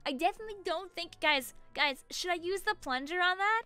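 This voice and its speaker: A woman streaming a video game, chatting casually to viewers in an excitable, giggly way and cooing over cute things. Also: extremely high pitch, fairly quick, faint music behind. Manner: excitable, giggly, coos at the cute dog, squeals "no!". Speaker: gaming streamer. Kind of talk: casual let's-play commentary.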